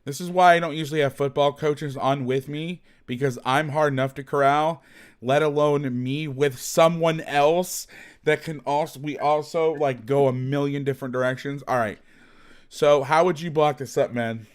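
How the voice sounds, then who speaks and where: A man's voice: fairly high pitch, steady tone, normal speed. A man hosting a casual football film breakdown, rambling, self-deprecating and swearing freely. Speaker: host, football film analyst.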